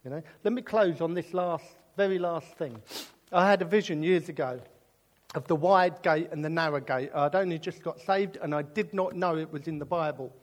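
Speaking at a normal speed in a slightly high voice, this British preacher starts out joking his way through a funny story. His animated tone gradually turns earnest as the sermon goes on.

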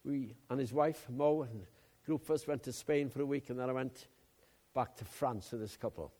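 A man preaching a sermon, telling personal stories in a chatty way with loud emphatic bursts. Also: medium pitch, normal speed.

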